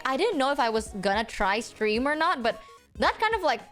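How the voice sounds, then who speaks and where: Young woman streamer, high and lively, casual and sweary, faint music behind. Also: fairly quick. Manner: animated, acts out quotes with big pitch jumps. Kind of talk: casual storytelling on a live stream.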